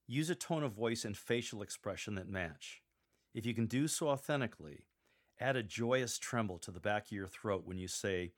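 A man's voice: fairly low pitch, normal speed. A man teaching how to read scripture aloud, giving emphatic instructions with wry asides. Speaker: lector coach.

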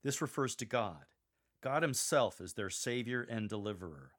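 A man's voice: mid-range voice, animated, moderate pace, fairly bright tone. A man teaching how to read scripture aloud, giving emphatic instructions with wry asides. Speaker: lector coach.

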